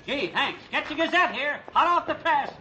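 An actor playing a brash, loudmouthed middle-aged man hawking newspapers, in 1940s radio acting style, with a faint hiss from an old broadcast. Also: lively intonation, normal speed, full character voice. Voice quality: booming, brash. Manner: hollers sales patter, boastful.

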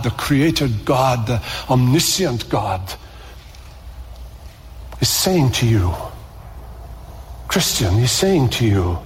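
A man's voice: mid-range voice, breathy edge, in a large hall. A man preaching a sermon with passion, repeating words and climbing to emphatic peaks.

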